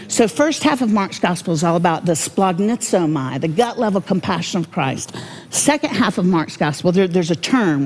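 Lady bible teacher, kinda low voice, folksy jokey storytelling. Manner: folksy and humorous, animated storytelling.

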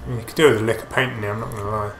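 A man's voice: lowish voice, steady tone, racing, a bit bright, reverberant, a little hiss or hum. A man hosting a let's play, trading dry, teasing banter in casual gameplay commentary.

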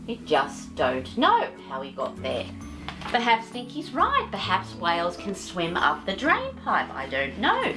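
A woman's voice: medium pitch, huge pitch swings, a little slow, music in the background. Sing-song doting woman storyteller. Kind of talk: reading a picture book aloud.

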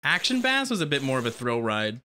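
A game streamer giving casual let's-play commentary, excitable and quick to swear and yelp at sudden scares. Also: medium pitch, a little hiss or hum. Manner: excitable, swears a lot, yelps at jump scares.

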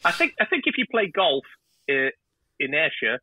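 A TV director appears as a podcast guest, telling stories in casual interview style over a tinny, phone-like remote line with no room sound. His fairly high, husky voice swings widely in pitch at a moderate pace, and he often trips over and repeats words.

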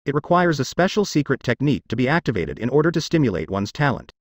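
A stern, secretive father who rules a clan as a male narrator voices him. The pitch moves a lot while the reading stays even and unacted, close and dry. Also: fast talker, no echo. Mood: curt.

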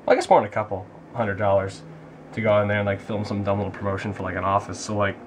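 A man's voice: lowish voice, steady tone, fast, slight background noise. A young man vlogging casually on a city street, joking and swearing, recorded on a handheld camera mic. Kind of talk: casual vlog chat. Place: outdoors on a New York street.

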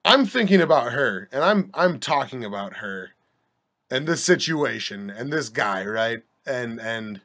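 A man's voice: medium pitch, very animated, a little slow, bright, forceful tone. A young man hosting a podcast, telling a rambling anecdote in a wry, joking way with many restarts and asides. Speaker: podcast host. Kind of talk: casual storytelling monologue.

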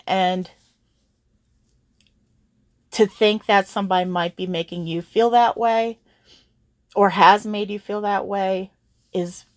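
Emotional and fighting tears, a young woman with a mid-range voice speaks earnestly and from the heart to the viewers of her channel. The audio is studio quality, with no room sound at all.

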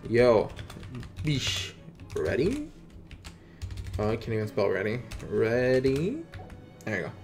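A man with a Mexican accent talks through a game live stream in easy, playful banter. His voice sits at an average pitch, and he teases his viewers with casual swearing. Faint music plays under his talk. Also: expressive, measured pace.

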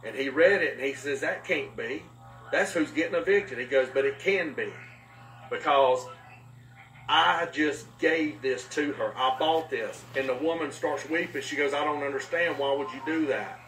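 A man preaching a sermon as a pastor, telling a story with voiced quotes in an animated way. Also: mid-range voice, normal speed, faint music behind. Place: live-streamed talk. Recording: echoey room from far off, faint noise.

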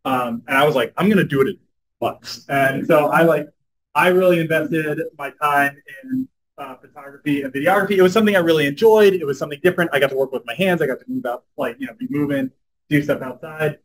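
A young man giving a storytelling talk, animated and filling his speech with "like" and "um". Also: fairly high pitch, fast talker, low-quality recording. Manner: animated, says "like" and "um" a lot. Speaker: guest speaker at a club meeting.

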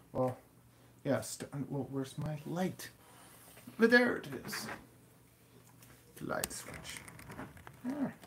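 A man's voice: on the high side, gravelly. A man, a reptile breeder, chatting casually and muttering to himself as he cleans enclosures indoors. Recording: roomy, distant, loud background noise.

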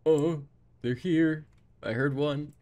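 A man giving excited live gameplay commentary, yelping and swearing whenever something surprises him. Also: on the high side, takes it slowly, noisy background. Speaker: gaming streamer. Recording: loud game gunfire under voice.

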